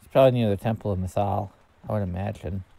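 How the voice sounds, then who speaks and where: A man's voice: fairly low pitch, steady tone, quick pace, creaky, dark tone. A man casually commenting while he plays a game, rambling and thinking aloud with plenty of fillers. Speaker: streamer.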